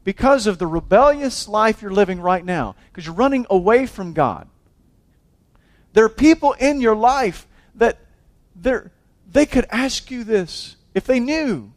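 A man preaching a sermon as a pastor, swinging from loud exhortation to hushed intensity, often restarting and repeating his words. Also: sits high, sing-song, measured pace.

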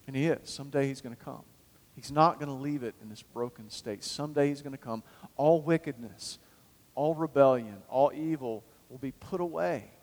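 A man preaching a sermon as pastor, swinging between loud fervent calls and quiet low asides. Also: moderate pace. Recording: hall reverb.

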